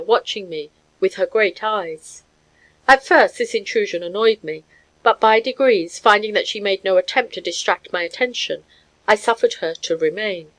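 A woman reading a story aloud as an audiobook narrator, measured and even. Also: mid-range voice, rough recording. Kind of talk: scripted narration.

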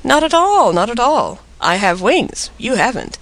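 A man voicing a small, cunning female partridge in a storybook, lively and chirpy. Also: extremely high pitch, a little slow, pitched above the performer's own voice, heavily acted, rough recording. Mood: airy.

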